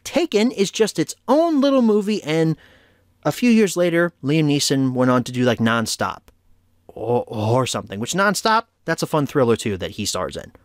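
A man's voice: fairly high pitch, big pitch swings, normal speed, no echo, studio quality. A man hosting a casual home media review vlog, chatty and opinionated as he wraps up an episode. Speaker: movie reviewer, show host.

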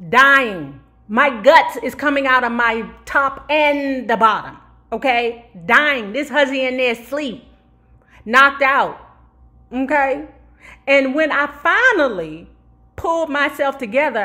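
A sassy woman with a high voice spins a comic story for her viewers. She stretches words out for drama and keeps pulling the audience in with quick asides. The talk is loose and chatty, as if she is putting on makeup while she talks. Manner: sassy, animated storyteller who keeps asking the audience "you heard me?"; dramatic emphasis with drawn-out words. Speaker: vlogger telling a story.

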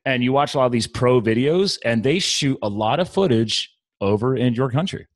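A man's voice: mid-range voice, expressive, moderate pace, no echo. A man hosting a podcast, chatting with a guest in an enthusiastic, rambling way. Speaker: podcast host. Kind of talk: casual interview chat.

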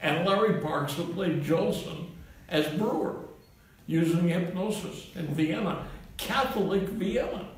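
A man's voice: high voice, a little slow. A man in his eighties, a comedian, telling a rambling string of anecdotes to a live audience and chuckling at his own punchlines. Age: 80s. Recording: roomy, distant mic, faint hiss.

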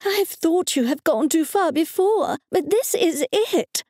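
A woman narrator voicing a shrill, indignant churchgoing mother scolding her grown daughter. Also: lively intonation, a little slow, vocal fry, a little mellow, no room sound, studio quality, exaggerated voice.

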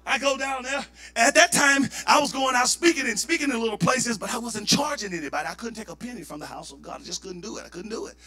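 A male pastor with a Southern US accent, preaching a sermon and building to shouted fervor. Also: very high voice, huge pitch swings, fast, hardly any pauses.

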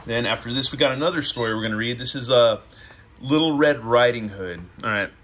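Young man, bright voice, casual read-aloud, laughing, jokey. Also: mid-range voice, fairly quick. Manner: laughing often, loose and joking. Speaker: host reading a picture book aloud.

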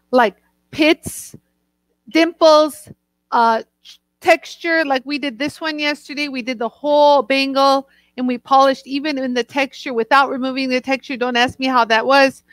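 Bubbly high-voiced woman hosting a live show. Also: fairly even intonation, a little slow, a bit bright, no room sound, poor audio. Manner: bubbly, effusive, greets viewers by name. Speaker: host of a live jewelry tool demo show. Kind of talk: casual live-stream chat.

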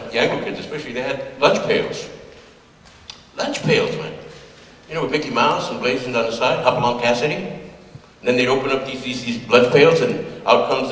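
An older man from California recounts memories to a listening crowd in a relaxed, folksy storyteller's manner. His voice sits at an ordinary middle pitch. It sounds distant from the mic and echoes around a big, reverberant hall. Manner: conversational, folksy, laughs at his own jokes. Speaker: speaker giving a talk. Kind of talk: storytelling talk to an audience.

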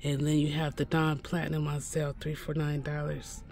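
A man's voice: fairly high pitch, monotone, normal speed, creaky, darkish tone, soft background music. A man giving a casual shopping walkthrough inside a pharmacy store, chatty and correcting himself as he repeats the prices. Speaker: shopping vlogger.

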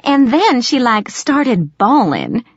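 A nasal, catty teenage girl gossiping in a mocking, drawn-out way, as a woman reads her. Her voice sits up high and lands loud and pointed. The sound is dry and a bit dull, like a lo-fi recording. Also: big pitch swings, husky, no echo, exaggerated voice.

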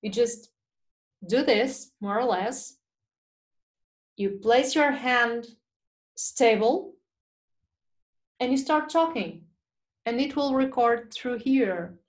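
Her voice is a little high and slow, with long pauses, as she hosts a live webinar Q&A. She reads viewers' questions and responds conversationally with plenty of fillers, captured on a small video mic or phone.

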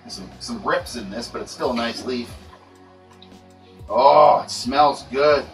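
A man's voice: mid-range voice, takes it slowly. A man hosting a casual livestream while working with plants, talking in a laid-back, rambling way with many fillers. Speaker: livestream host. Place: indoor grow room. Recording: echoey room, voice far from mic, faint music.

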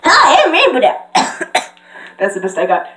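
A cocky, sporty cartoon pony girl, voiced by a woman, who talks brash and boastful in a lively voice. The room gives it a roomy echo. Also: sits high, unhurried, heavily acted.

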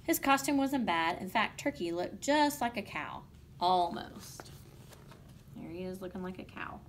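A woman's voice: medium pitch, measured pace, a little hiss or hum. Woman reading a children's story aloud. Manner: lively, playful voices for the animals.

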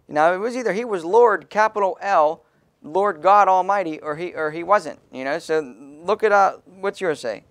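A man's voice: high-pitched, normal speed, fairly bright tone. A man preaching an emphatic sermon as pastor in a small church, calling on the congregation to read verses aloud.

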